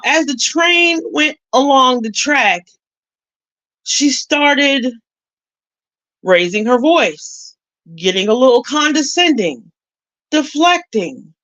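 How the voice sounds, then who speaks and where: A woman's voice: sits high, bright, forceful tone, low-quality recording. A woman telling her viewers a story in casual chat, talking emphatically and repeating herself for weight. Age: adult with a son. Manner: emphatic, repetitive, conversational. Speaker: YouTube commentator.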